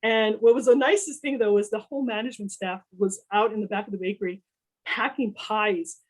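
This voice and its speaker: A woman's voice: medium pitch, fairly quick, rough recording. A woman who works in food, casually telling a story about her work, acting out the people she quotes and filling her talk with "you know.". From Texas. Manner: animated, acts out quoted dialogue, many "you know" fillers. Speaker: culinary professional, panel speaker.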